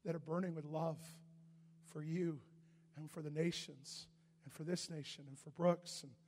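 A man preaching a sermon, telling a story animatedly and often shouting, with a husky voice. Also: fairly high pitch, fairly even intonation, moderate pace, big-room sound, a little hiss or hum.

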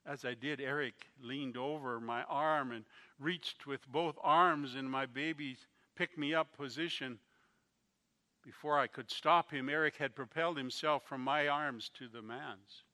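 A man preaching a sermon, telling a story slowly and with feeling, his volume rising and falling. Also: mid-range voice, steady tone. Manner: slow, emotional storytelling with swings in loudness.

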